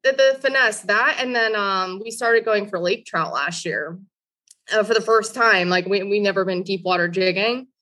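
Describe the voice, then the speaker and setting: Young adult woman, interview guest, casual chat, medium pitch, lively storyteller. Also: moderate pace. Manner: animated storyteller, quotes others, laughs often. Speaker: guest angler.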